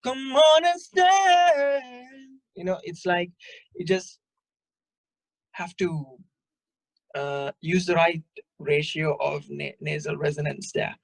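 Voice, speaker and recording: A man teaching a singing workshop over a video call, explaining in a relaxed, halting way between short sung demonstrations. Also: a little high, creaky, slightly rough, no room sound. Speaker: guest vocal coach.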